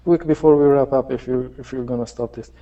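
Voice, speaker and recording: A man's voice: medium pitch, steady tone, brisk, warm tone, distant mic, muffled recording. A male caller in a casual debate, hesitant and stumbling as he repeats his point.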